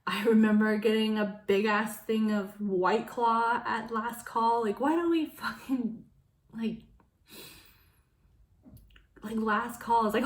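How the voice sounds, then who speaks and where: A young woman telling a personal story in a casual vlog, frank and full of swearing, laughing between lines and acting out quoted voices in sudden loud high bursts. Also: steady tone, measured pace, roomy sound, slight background noise. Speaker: vlogger.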